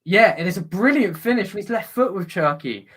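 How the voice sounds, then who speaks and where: A man with a slightly high voice hosts a live football watch-along, chatting with viewers between plays. When the action heats up he breaks into excited, loud commentary. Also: a little fast, breathy edge.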